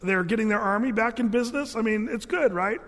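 A man's voice: sits high, a little fast, a bit bright, long reverb tail. A man preaching a sermon, explaining scripture in a casual, joking way with playful asides. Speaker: pastor.

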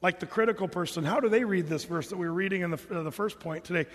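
A man preaching a sermon as pastor, animated and jokey, putting on mock voices to make his points. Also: high-pitched, fast talker, big-room sound.

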